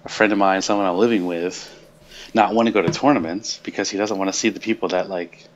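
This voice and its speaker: A man's voice: sits low, steady tone, dull audio, slight background noise. A man co-hosting a casual stream show, talking in a hesitant, hedging way. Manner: hesitant, measured, lots of hedging. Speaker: co-host.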